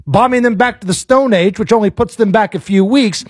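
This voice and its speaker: A man with an American accent hosting a casual political talk show, blunt and animated, pressing his guest with pointed questions. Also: high-pitched, fairly quick, no echo, studio quality.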